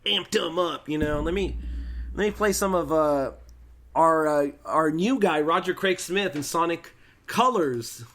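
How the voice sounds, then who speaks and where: A man's voice: fairly high pitch, expressive, unhurried, fairly bright tone. A man hosting a podcast, chatting casually and animatedly, with laughs and stumbling restarts. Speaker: podcast host. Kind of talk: casual chat.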